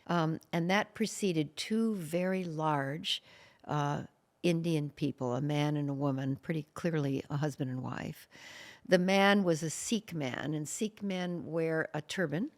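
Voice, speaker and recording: Woman guest with a low, gravelly voice, earnest storyteller, stops and restarts often. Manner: halting, with many fillers and restarts; earnest and emotional. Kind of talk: personal storytelling in an interview.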